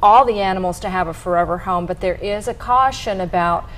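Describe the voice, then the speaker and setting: A woman's voice: mid-range voice, poor audio. A woman chatting as a pet expert on a morning TV show, giving careful, cautionary advice. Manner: advising, measured and cautionary.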